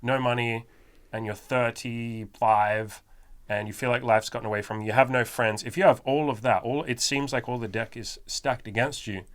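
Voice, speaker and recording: A man's voice: medium pitch, fairly even intonation, normal speed. A man who is a self-improvement coach and podcast host, talking in a blunt, emphatic, profanity-laden motivational style.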